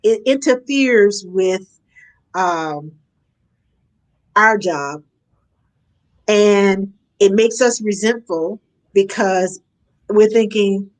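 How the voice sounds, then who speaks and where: A woman talking as a nanny in a casual conversation, animated and acting out the parents and children she describes. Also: medium pitch. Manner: animated, acts out parents and kids in quick asides. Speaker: nanny guest.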